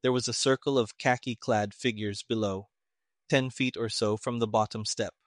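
A man narrating an audiobook in a steady, even storytelling manner. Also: fairly low pitch, moderate pace, no room sound, clean studio sound.

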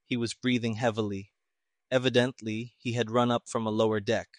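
A man narrating an audiobook in a steady, even storytelling manner. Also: mid-range voice, brisk, dry recording, studio quality.

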